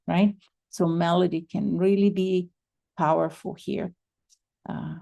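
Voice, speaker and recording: Slow, gravelly-voiced woman trainer. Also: lowish voice, mellow. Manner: measured, methodical explaining. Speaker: mediation trainer. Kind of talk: training lecture.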